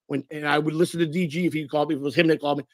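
A man's voice: on the high side, level tone, very fast, a crowd in the background. A man giving a rambling, defensive apology in a played clip. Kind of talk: recorded apology.

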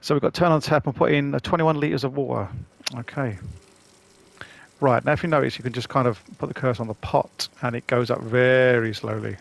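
A man's voice: medium pitch, fairly even intonation, brisk, gravelly. A man casually commenting on a video game he is playing for the first time, chatty and rambling. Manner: chatty, rambling, self-deprecating. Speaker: gaming channel host.

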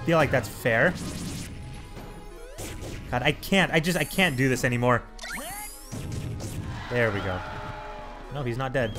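A young man ranting and swearing through his gameplay commentary, breaking into sudden loud outbursts at the characters on screen. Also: mid-range voice, measured pace, long pauses, music in the background. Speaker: let's play gamer.

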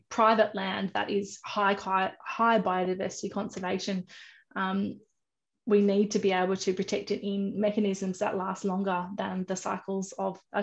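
A woman's voice: mid-range voice, gravelly, highs cut off. A woman answering panel questions in a hesitant way, with many fillers.

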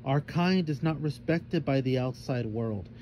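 A man's voice: mid-range voice, a little slow, lo-fi sound, slight background noise, close to an everyday voice. A man voicing a stern, protective thylacine mother who scolds and lectures her daughter. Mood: lecturing.

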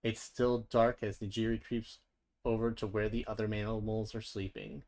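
Storybook reader, gentle and playful, chatty asides between lines. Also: medium pitch, flat delivery, normal speed. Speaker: children's book reader.

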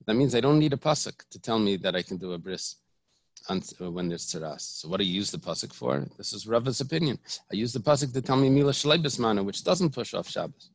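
A man's voice: lowish voice, animated, fast, gravelly, no echo. A man, a rabbi, teaching a Talmud lesson. He explains each point step by step, often restarting and repeating phrases. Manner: explanatory, repeats and restarts, mixes Hebrew terms.

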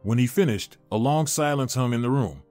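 A man reading a scripted dramatic story aloud as narrator, in an expressive storyteller voice. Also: mid-range voice, brisk, faint music behind.

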